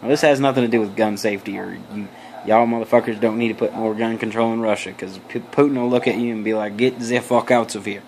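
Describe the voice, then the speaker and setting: A man's voice: fairly low pitch, steady tone, fast, darkish tone, slight background noise. A young adult man vlogging, telling a story in a loose, rambling way with crude, profane jokes and asides. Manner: loose, meandering, many restarts.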